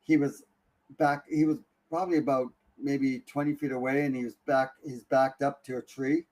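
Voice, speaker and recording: A man telling a story in a relaxed, conversational way, with many restarts and hushed, excited moments. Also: mid-range voice, moderate pace. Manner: animated, breathless retelling with many restarts. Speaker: guest. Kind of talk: casual storytelling.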